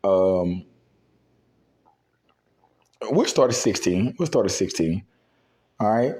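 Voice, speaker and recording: A man teaching scripture in a loose, conversational way, reading verses slowly and dropping verbs as he talks, with his voice going a bit hoarse. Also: lowish voice, expressive, a little mellow. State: losing his voice. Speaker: religious teacher.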